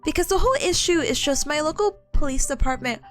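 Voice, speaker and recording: A young woman with a high, bouncy voice that swoops up and down, chatting and storytelling on a livestream. She acts out quoted voices and laughs often, with faint music playing underneath. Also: lively intonation, fast. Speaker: streamer. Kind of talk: casual chat stream.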